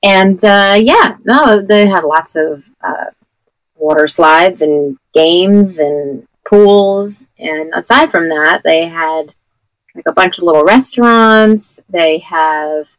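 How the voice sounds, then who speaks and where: A New Jersey woman in her thirties co-hosts a podcast, rambling through chatty stories full of fillers while her voice gives out. She speaks slowly in a lowish register. There's no room sound, but the audio quality is poor.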